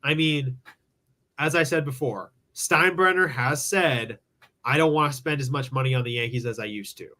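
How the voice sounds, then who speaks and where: A man's voice: mid-range voice, normal speed, bright, forceful tone. A man hosting a live call-in sports show, rambling through his takes with lots of "like" and restarts. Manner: rambling, thinks aloud with many "like"s. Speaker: sports talk show host. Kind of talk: casual live sports talk. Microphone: streaming from home with screen share.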